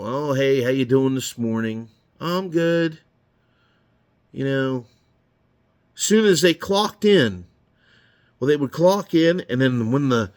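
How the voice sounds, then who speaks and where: A middle-aged man telling rambling, profane stories in a blunt, casual way while he works in his garage. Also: mid-range voice. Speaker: garage owner. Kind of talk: casual storytelling while working.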